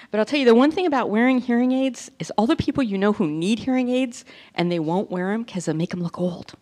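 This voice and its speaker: Self-mocking woman doing stand-up. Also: medium pitch. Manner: self-deprecating, animated storytelling. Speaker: stand-up comic. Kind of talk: stand-up comedy routine.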